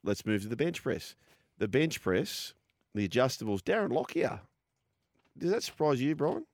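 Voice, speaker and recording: A man's voice: medium pitch, sing-song, moderate pace, darkish tone, dry recording, clean studio sound. An Australian man co-hosting a sports radio show, chatting casually and reading ad copy. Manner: chatty, reads ad copy between banter.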